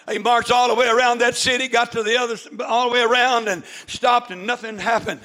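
A male pastor, preaching a fervent shouted sermon to his congregation, peppered with "amen" and "uh". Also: very high voice, steady tone, fairly quick, poor audio. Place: church with congregation.

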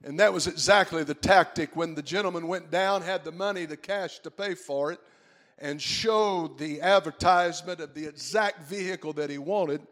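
A man preaching a sermon, moving from quiet storytelling to shouted preaching. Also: fairly high pitch, normal speed.

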